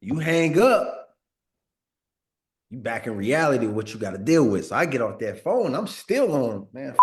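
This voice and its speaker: Man in his 30s telling a story in an interview, easygoing slang, lots of "like" and "bro", mid-pitched voice. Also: a bit bright. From Northern California. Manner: laid-back slang, frequent "like" and "bro", repeats words. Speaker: former pro football player, guest. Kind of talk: casual storytelling in a sit-down interview.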